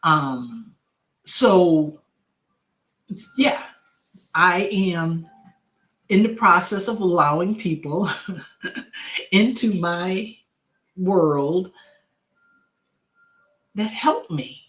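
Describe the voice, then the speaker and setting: A woman hosting a podcast about grief, speaking in a heartfelt, emotional way, often repeating words and pausing with fillers. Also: on the low side, animated, a bit bright. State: grieving, emotional. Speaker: podcast host. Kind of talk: personal talk on grief.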